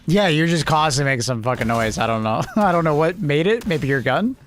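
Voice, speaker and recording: A man's voice: on the high side, animated, fairly quick, a little hiss or hum. A young man streaming a game in casual chat, laid-back, swearing freely and chuckling often.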